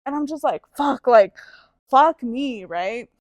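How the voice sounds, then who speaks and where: On a podcast, a young female co-host tells a story in casual chat, animatedly acting out everyone's quotes, swearing heavily and saying "like" a lot. Her voice is high-pitched and slow, recorded with no room sound.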